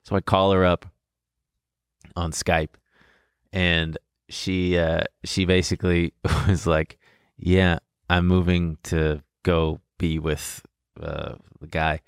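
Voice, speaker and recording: A young man casually telling a story in an animated way, laughing and swearing as he goes. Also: sits low, slow, smooth, dry recording, clean studio sound.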